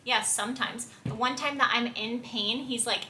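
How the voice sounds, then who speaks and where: Bright-voiced chatty woman vlogger. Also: a little high, fairly even intonation, normal speed. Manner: chatty, laughing, quoting herself. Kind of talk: casual storytelling with her husband. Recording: echoey room, faint background noise.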